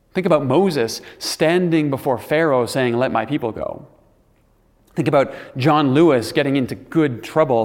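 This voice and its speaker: A man's voice: on the high side, a little mellow, big-room sound. A man giving a sermon, reflective and earnest, with the odd dry aside. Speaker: preacher.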